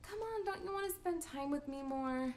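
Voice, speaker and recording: A woman's voice: sits high, animated, normal speed, darkish tone, slight background noise. A woman voicing a flirty, teasing wife in a horror game, coaxing and playful.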